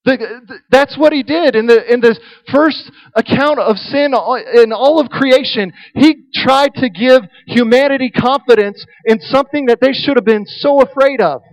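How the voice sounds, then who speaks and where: A man preaching a sermon, telling a humorous story in an animated way. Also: very high-pitched, normal speed, hardly any pauses, poor audio.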